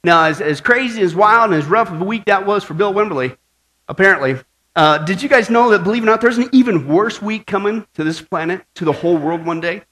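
A man's voice: high-pitched, fast talker. A man preaching a sermon as pastor, opening with a long joke and checking in with "right?" and "okay?" after nearly every line. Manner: lively storytelling, frequent "right?" and "okay?" asides.

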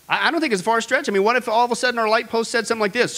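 A man teaching Bible prophecy in a casual, animated sermon, often calling out to his listeners and stumbling over fillers. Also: extremely high pitch, very fast. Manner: animated, addresses listeners as folks, many fillers and restarts. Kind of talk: conversational sermon.

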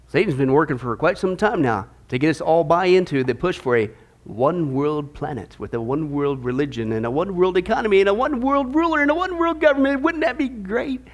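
High-voiced sarcastic male pastor. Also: fairly quick. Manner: animated, sarcastic, repeats phrases. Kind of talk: sermon.

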